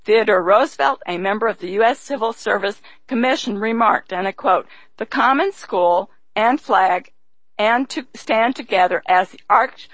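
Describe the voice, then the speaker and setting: A woman reading commentary aloud in an emphatic, deliberate manner, formally marking quotations as she goes. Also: mid-range voice, no room sound, low-quality recording. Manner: emphatic, deliberate, quotes sources with "I quote".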